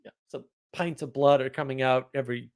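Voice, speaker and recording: A man telling an anecdote in a casual monologue, animated, often laughing and full of fillers and restarts. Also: mid-range voice, a little fast, clear, resonant tone. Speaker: host.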